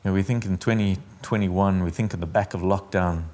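A man's voice: deep voice, fairly even intonation, fairly quick, darkish tone. A man preaching a sermon as pastor, earnest and intimate, often dropping his voice almost to a whisper.

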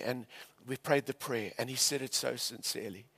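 A man from England preaching a storytelling sermon, animated, switching between shouts and hushed tones. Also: mid-range voice, moderate pace, gravelly, slightly rough.

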